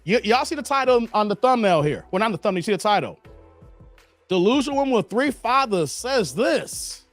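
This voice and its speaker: Animated high-voiced man hosting a livestream. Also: brisk, faint music behind. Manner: animated, blunt, talks straight to chat. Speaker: livestream host. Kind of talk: casual livestream commentary.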